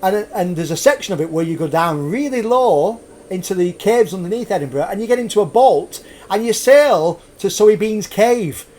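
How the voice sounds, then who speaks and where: A man with a high voice hosts a live show and tells a grim old story. He keeps cracking puns, laughs at his own jokes and wanders off on side remarks. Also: animated, moderate pace, a little mellow. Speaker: host.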